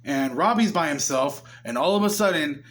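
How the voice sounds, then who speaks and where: A young man talks through a movie plot in a loose, chatty recap. His voice sits a little high for a man. He keeps slipping into the characters' lines as he goes. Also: lively intonation, moderate pace, fairly bright tone. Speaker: movie reviewer.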